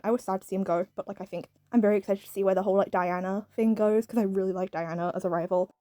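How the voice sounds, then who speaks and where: A British woman talks at a rapid clip in a casual, rambling review, filling gaps with "um" and "like" and laughing often. Her tone is soft and mellow, and the sound is close and dry. Faint music plays underneath. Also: medium pitch, fairly even intonation, no echo. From Britain. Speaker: video reviewer.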